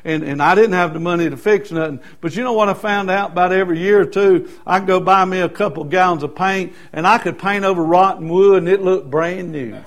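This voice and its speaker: A man's voice: sits high, a little fast, few pauses. A middle-aged man preaching a Baptist sermon with emphatic repetition. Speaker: Baptist pastor.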